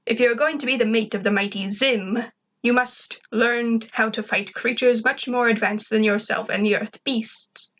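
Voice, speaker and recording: A woman's voice: on the high side, steady tone, moderate pace, fairly bright tone. A woman voicing a stern, proud male alien leader who gives blunt orders, in an amateur story reading. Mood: commanding. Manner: blunt, commanding, speaks of himself grandly.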